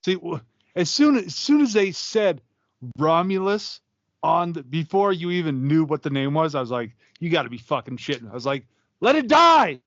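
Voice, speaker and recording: A man with a fairly high, lively voice co-hosts a casual podcast and teases his partner into ranting. The recording is dry and slightly muffled. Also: moderate pace, no room sound. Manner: teasing, egging on. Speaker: podcast co-host. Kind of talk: casual chat.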